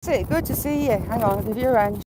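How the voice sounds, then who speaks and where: Woman, casual live-stream vlogger, fairly high voice, phone mic outdoors, faint background noise. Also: quick pace. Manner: chatty, greets viewers by name, coos at animals. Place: outdoors in fields and hedgerows. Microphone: phone on a gimbal with headphone wire.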